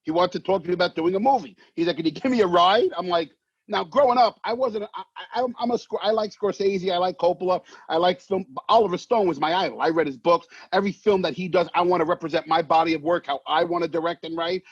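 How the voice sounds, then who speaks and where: A man, an actor telling stories in a casual interview, animated and swearing, acting out voices. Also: sits high, slightly rough, no echo. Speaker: actor guest. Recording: dull muffled sound, dry.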